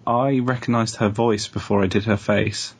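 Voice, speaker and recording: A man's voice: lowish voice, fairly even intonation, normal speed, slightly rough. A man co-hosting a podcast, chatting casually and recapping episodes with lots of ums. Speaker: podcast co-host. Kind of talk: casual chat.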